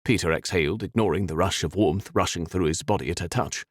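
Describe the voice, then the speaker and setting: A man reading a fantasy audiobook in an expressive, dramatic way. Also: low voice, fast talker, slightly rough, no echo, clean studio sound. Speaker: audiobook narrator. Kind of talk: scripted fantasy narration.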